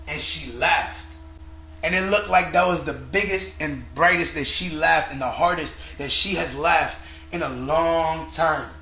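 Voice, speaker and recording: A man's voice: a little high, slight background noise. A man talking straight to viewers in a rambling monologue, agitated and profane, in long run-on stretches. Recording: echoey room, dull lo-fi sound.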